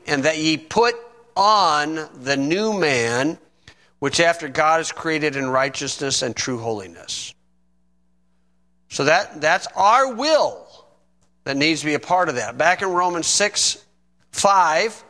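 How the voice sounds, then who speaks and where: A middle-aged man preaching a sermon, reading scripture slowly and adding folksy asides. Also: fairly high pitch, pushed and bright. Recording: long reverb in a hall.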